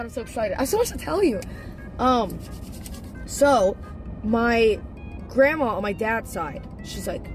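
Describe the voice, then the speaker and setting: Speaking in a fairly high voice, a young woman streamer casually tells her viewers a family story. She's animated, laughing often and swearing freely.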